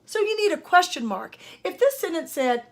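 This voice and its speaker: A woman's voice: very high-pitched, big pitch swings, normal speed. An older woman, a speech-language pathologist, gives an emphatic grammar lesson and speaks straight to parents and students. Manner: emphatic, teacherly, addresses parents and students directly. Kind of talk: instructional lesson talk.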